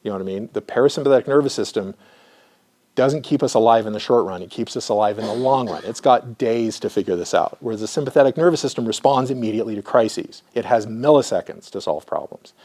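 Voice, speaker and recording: A man who works as a therapist, giving an educational lecture and demonstrating slow breathing, often checking in with "right?". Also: mid-range voice, darkish tone. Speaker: therapist teaching a class.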